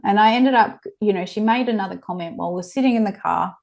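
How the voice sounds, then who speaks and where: A woman in her forties, a child abuse prevention educator, appears as a guest on a podcast interview. She tells stories frankly and with animation in a fast, medium-pitched voice with a darkish tone.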